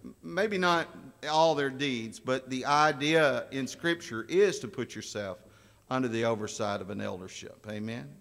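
Folksy preacher in a reverberant church. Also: male voice, mid-range voice, expressive, moderate pace, gravelly, a bit bright. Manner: folksy storytelling, asks the congregation questions. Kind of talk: sermon. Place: church sanctuary. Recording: long church hall reverb.

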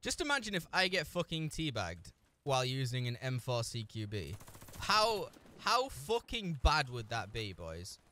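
A man's voice: medium pitch, big pitch swings, measured pace, sharp tone. A man giving live commentary over his own shooter gameplay, swearing constantly, trash-talking other players and cracking jokes between frustrated outbursts. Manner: frustrated outbursts and joking asides. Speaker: gameplay streamer. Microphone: desk mic with a camera, no headphones.

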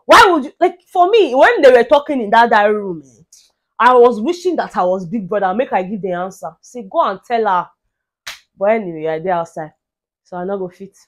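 A young Nigerian woman speaking English with Pidgin, animated as she recaps a reality show, dropping to hushed asides and then rising to loud exclaims. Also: mid-range voice, brisk. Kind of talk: casual commentary.

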